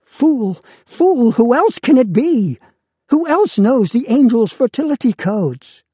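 A man voicing a malicious little boy in a clown suit, shrill and spiteful in a storybook reading. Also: very animated, takes it slowly, dark tone, husky, no echo, exaggerated voice. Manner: shrill, pleading then spiteful.

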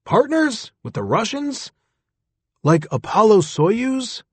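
A man voicing a confused, gruff elderly ex-astronaut. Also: high-pitched, very animated, normal speed, no echo, voice pushed up, full character voice. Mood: astonished. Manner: bewildered, then barking.

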